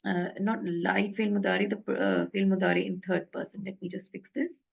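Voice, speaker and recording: A woman teaches a grammar lesson in a casual online class. She pauses often, with many fillers and self-corrections, at a mid pitch. The audio is slightly dull and lo-fi. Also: little pitch movement, creaky, slightly rough.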